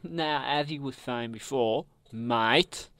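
A man's voice: mid-range voice, takes it slowly, fairly bright tone, no echo. A young man co-hosting a radio show, teasing and giggly in casual banter.

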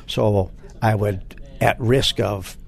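Older man with a gravelly low voice. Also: fairly even intonation. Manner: halting, many restarts, emotional at times. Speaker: Marine Corps veteran interviewee. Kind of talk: oral history interview.

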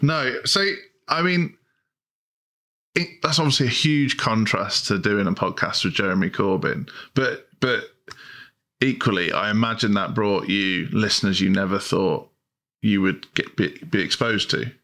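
Affable male podcast host, gravelly and bright, low voice. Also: a little slow. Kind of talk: casual interview chat.

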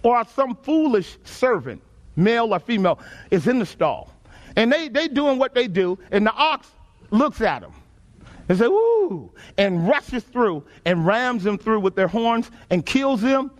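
A man's voice: sits high, lively intonation, a little slow. A man from Texas with a Texan accent, preaching a sermon to a congregation in a folksy, emphatic call-and-response style. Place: church sanctuary before a congregation.

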